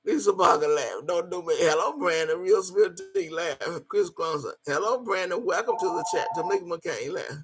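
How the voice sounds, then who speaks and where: A woman's voice: lowish voice, animated, normal speed, few pauses, faint music behind. A woman hosting a livestream, talking brashly and profanely, boasting and laughing often as she greets her chat. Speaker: livestream host.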